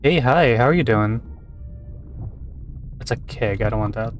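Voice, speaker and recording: A man's voice: medium pitch, unhurried, faint music behind. Joking male streamer on a headset. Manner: joking, greets viewers, swears casually. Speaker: streamer playing with a friend. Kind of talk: casual gaming banter.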